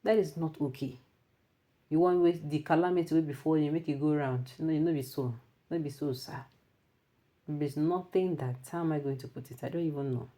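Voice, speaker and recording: A woman with a Nigerian accent presenting news commentary, mixing Pidgin into animated remarks and reading out viewer comments. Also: low-pitched, fairly quick.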